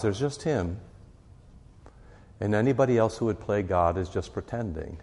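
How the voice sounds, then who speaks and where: A man's voice: fairly low pitch, a little mellow, in a large hall. A man teaching a catechism class as pastor, talking conversationally and often checking in with his listeners. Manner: conversational, often asks "right?".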